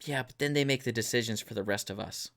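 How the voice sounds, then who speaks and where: A man's voice: mid-range voice, fast talker, gravelly, a bit bright. Rambling, jokey male podcast co-host. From northern US. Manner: rambling, jokey, goes off on tangents. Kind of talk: casual chat.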